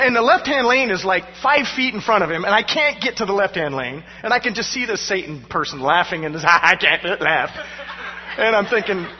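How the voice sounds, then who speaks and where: A male pastor preaching a sermon through personal stories, animated and poking fun at himself with frequent laughter. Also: sits high, slightly rough. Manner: animated, self-mocking, laughing between lines. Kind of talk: storytelling sermon. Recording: dull sound with long hall reverb.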